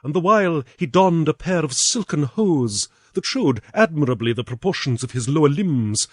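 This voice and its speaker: A British man reads an old storybook aloud in a measured, expressive way. His voice sits a little high and moves widely in pitch. The recording is dry and close, with no room sound. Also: slightly rough, no echo. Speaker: audiobook reader. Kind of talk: storybook narration.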